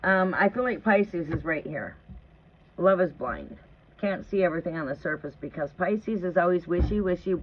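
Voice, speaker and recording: A woman hosts a tarot live stream from her trailer home, chatting casually and telling rambling, profane stories while often asking "right?". Her voice is on the low side at a moderate pace, and the audio sounds tinny and phone-like with faint noise.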